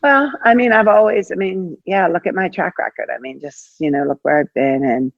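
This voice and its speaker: An older woman, a head basketball coach, chatting as an interview guest, telling stories in an animated way with lots of fillers and acted-out quotes. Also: lowish voice, normal speed, gravelly, no echo, highs cut off. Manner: animated, acts out quoted dialogue, many fillers. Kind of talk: casual interview storytelling.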